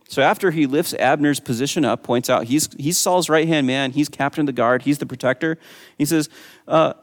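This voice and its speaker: A man's voice: a little high, a little fast, in a large hall. A man preaching a sermon, teaching in a conversational way and reading scripture aloud with a lifted voice.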